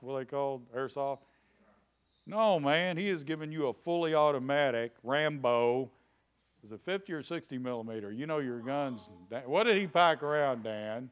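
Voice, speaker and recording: A man preaching to his church, his voice bright and ringing. His delivery swings from conversational asides to loud, forceful declarations, and he calls on members of the congregation by name. The tone is clean and clear, with a slightly higher pitch than most men. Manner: preaching, rising to shouts, addressing congregation by name. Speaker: pastor. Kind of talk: sermon.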